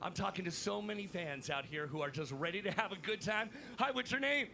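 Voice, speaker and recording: High-energy male floor reporter. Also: animated, fairly quick, vocal fry, bright, forceful tone, a little hiss or hum. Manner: high-energy, hypes the crowd. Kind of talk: live event hosting. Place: busy convention floor.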